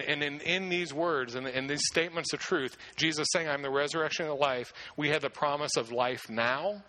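A man delivers a sermon with a bright, forceful tone at a middle pitch. He preaches earnestly and emphatically, doubling back on words as he builds his points. The sound is that of a pastor speaking in a church.

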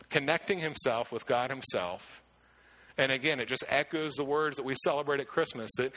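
A man's voice: mid-range voice, sharp tone. A man preaching a sermon as pastor, earnest and emphatic, often restarting his words.

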